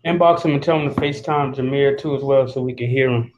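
A man's voice: medium pitch, quick pace, a little mellow, dull audio, a little hiss or hum. A man co-hosting a casual podcast, teasing bluntly. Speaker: podcast co-host.

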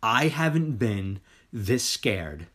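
A man in his forties retelling a horror film in a casual chat, excited and profane, acting out the scenes. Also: on the low side, slow pace, husky. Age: 40s. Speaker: podcast co-host. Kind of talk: casual movie review chat.

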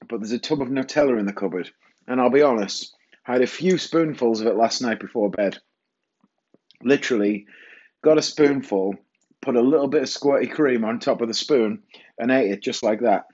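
A man's voice: medium pitch, darkish tone. Guy waffling on his podcast in the kitchen, cheeky and sweary, slightly dull sound. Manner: chatty, self-mocking, swears casually. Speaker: podcast host. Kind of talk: rambling solo podcast chat. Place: home kitchen.

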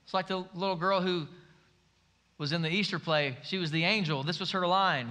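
Pastor, male, high and forceful voice, emphatic preaching, on a stage mic. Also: fairly quick. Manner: emphatic preaching, voice rising and falling for stress. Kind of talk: sermon.

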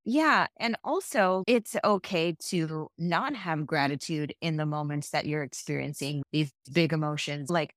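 A woman with a notably low voice talking as a breakup coach on a podcast. She speaks casually and animatedly, acting out what people say to themselves, and the recording is close and dry. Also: a little slow, hardly any pauses, dry recording. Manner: warm-hearted, animated, acts out quotes.

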